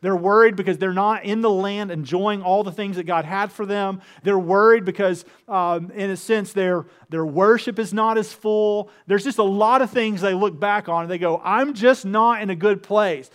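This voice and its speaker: A man's voice: high-pitched, normal speed, few pauses, fairly bright tone, clean tone. A man preaching a conversational sermon in church, acting out the voices of the psalm with rising emotion. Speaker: pastor. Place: church with two campuses.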